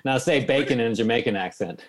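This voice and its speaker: A man's voice: mid-range voice, fast talker. A man in casual chat, making dry jokes with friends.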